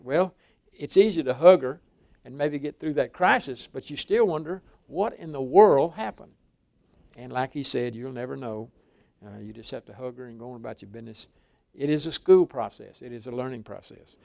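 A man's voice: mid-range voice, lively intonation, normal speed, gravelly, a little mellow, no echo, clean studio sound. An older man preaching a folksy sermon, telling rambling stories with frequent restarts.

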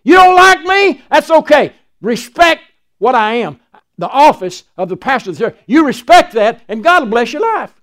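A man's voice: very high voice, sing-song, moderate pace, fairly bright tone. An older man, a pastor preaching a folksy sermon and acting out Bible dialogue.

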